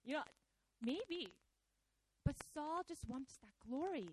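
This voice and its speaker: A woman preacher giving a conversational, animated sermon, often slipping into acted quotes. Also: sits high, slow, slight background noise, rough recording.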